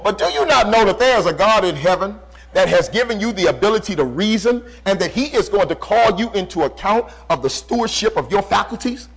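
A man preaching a sermon, swinging from loud emphasis to hushed lines and slowing down to stress repeated phrases. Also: sits high, poor audio. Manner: preaching with dramatic swings in volume and slow, drawn-out emphasis.

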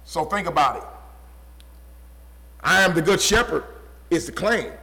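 A pastor preaching a sermon with an emphatic, repetitive cadence, often dropping low and quiet for stress. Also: male voice, lively intonation, a little slow, vocal fry, low-quality recording.

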